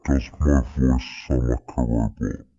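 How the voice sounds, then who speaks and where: A man's voice: fairly even intonation, a little slow, warm tone, dry recording, dull audio. A man chatting casually on a coding livestream, his voice run through a garbled voice changer. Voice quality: garbled, hard to understand. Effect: voice changer, robotic deep. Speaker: co-host developer.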